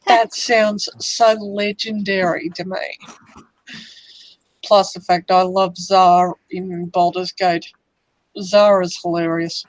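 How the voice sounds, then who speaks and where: Slow-talking woman, enthusiastic stream chat. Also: on the low side, flat delivery, dry recording, rough recording. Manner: slow, enthusiastic fan talk. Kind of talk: casual chat on a livestream.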